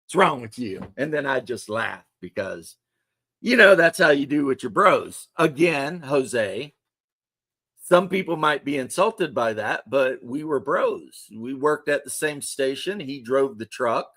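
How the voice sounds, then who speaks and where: Hosting a livestream, a thirtysomething man jokes around with viewers in loose, rambling casual chat. His medium-pitched voice is expressive and fairly bright, and he talks a little slowly.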